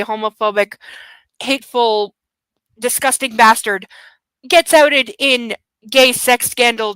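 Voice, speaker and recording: A woman's voice: fairly high pitch, a bit bright, clean tone, dry recording, rough recording. A woman hosting a book club livestream, talking in a blunt, profane, emphatic way. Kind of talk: casual livestream commentary.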